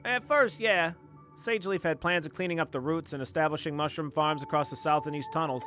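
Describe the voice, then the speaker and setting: A man voicing a cheeky, sarcastic male goblin with a raised, lively voice. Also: fairly high pitch, close to an everyday voice. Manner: sarcastic, quick.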